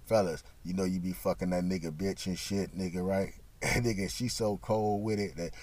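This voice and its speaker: A man telling a crude story in a rambling, profane way, dropping to mutters and then bursting loud. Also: low-pitched, fairly even intonation, normal speed.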